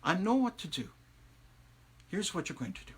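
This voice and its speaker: A man's voice: high voice, big pitch swings, moderate pace, a bit bright, husky, voice pushed up, exaggerated voice. A man doing Biddy Early, a shrewd old wise woman. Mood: reassuring. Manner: knowing, unflappable, commanding.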